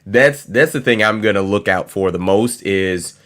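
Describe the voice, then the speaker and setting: A man from Michigan co-hosting, giving measured sports analysis with hesitant fillers. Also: fairly low pitch, fairly bright tone. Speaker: co-host. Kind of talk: casual chat, sports analysis.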